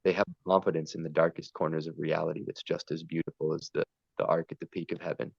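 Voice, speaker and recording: A man's voice: a bass voice, level tone, quick pace, creaky, breathy edge, dry recording, highs cut off. A man talking earnestly and at length in a spiritual conversation, wandering between ideas and stories. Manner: meandering, earnest, storytelling. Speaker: podcast guest.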